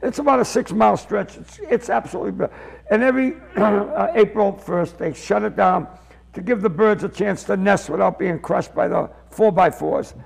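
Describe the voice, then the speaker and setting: A comedian, telling an animated story and acting out the voices in it. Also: male voice, high-pitched, normal speed, gravelly, poor audio. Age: 70s. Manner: animated, acts out voices in his stories. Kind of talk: storytelling anecdote.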